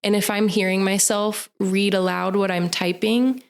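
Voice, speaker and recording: A woman co-hosting a podcast in relaxed, earnest casual chat. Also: mid-range voice, moderate pace. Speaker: podcast co-host.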